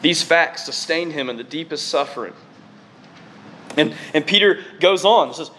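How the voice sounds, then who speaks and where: A man preaching a sermon to his congregation in an excitable, conversational way, often dropping in casual fillers. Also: on the high side, moderate pace, slight background noise. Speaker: preacher on staff.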